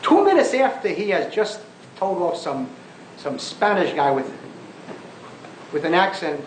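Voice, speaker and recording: Brief: high-pitched, impassioned male lecturer, wide swings in pitch, sarcastic edge. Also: big pitch swings, a little slow. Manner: emphatic, repeats phrases for force; sarcastic asides. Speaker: lecturer on Jewish thought. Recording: echoey room with faint background noise.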